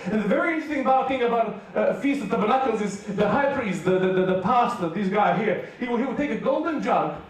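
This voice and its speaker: A man's voice: sits high, expressive. A man from Serbia with a Serbian accent, preaching a playful, joking sermon to a youth rally. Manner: playful storytelling with jokes and quick asides. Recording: very echoey hall, mic far off.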